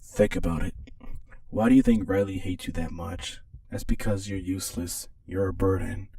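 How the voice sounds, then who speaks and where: A man's voice: sits low, normal speed, mellow, dry recording, clean studio sound, far from the mic. A man voicing a cruel, taunting inner voice in a game, cold and belittling.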